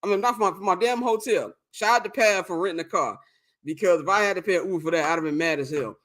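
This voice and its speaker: A young adult man co-hosting a podcast, telling a long story in a casual, animated and profane way, often laughing. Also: high voice, fast. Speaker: podcast co-host.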